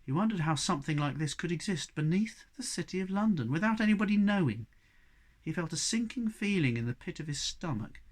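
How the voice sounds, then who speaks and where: Man giving a measured audiobook reading. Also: on the high side. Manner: measured, expressive storytelling. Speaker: reader. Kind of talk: audiobook narration.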